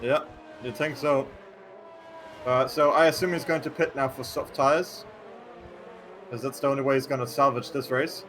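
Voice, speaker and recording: A man's voice: mid-range voice, fairly even intonation, normal speed, pauses often, a bit bright, faint music behind. A man co-commentating a live sim race in a dry, teasing way. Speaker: sim racing caster.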